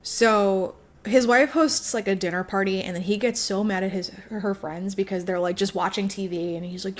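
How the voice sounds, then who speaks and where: Chatty woman podcast co-host. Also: a little slow. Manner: chatty, swearing, acts out characters' lines with big jumps in pitch. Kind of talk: casual chat, retelling a book plot.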